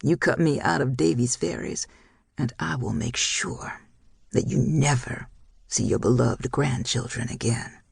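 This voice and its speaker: Narrator doing a cold mocking dad, gravelly and husky, threatening his own father, audiobook. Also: medium pitch, measured pace, no echo, clean studio sound, full character voice. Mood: menacing. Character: bitter, cold, threatening middle-aged father.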